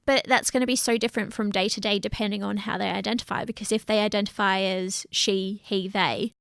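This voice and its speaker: A woman co-hosting a casual podcast chat, talking in an earnest, animated way. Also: medium pitch, a little fast, vocal fry, no room sound, studio quality. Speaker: podcast co-host.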